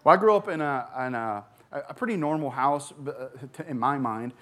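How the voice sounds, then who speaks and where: A man's voice: mid-range voice, lively intonation, a bit bright. Earnest man giving church testimony. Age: 40s. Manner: earnest, halting with many fillers and restarts. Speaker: recovery ministry pastor. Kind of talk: personal testimony from the stage. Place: church stage.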